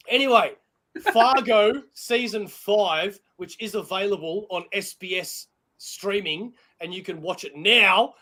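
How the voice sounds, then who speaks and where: An Australian man with a notably high voice co-hosts a casual live chat show. He talks in excitable, rambling bursts and laughs at himself often. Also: takes it slowly. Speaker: podcast co-host.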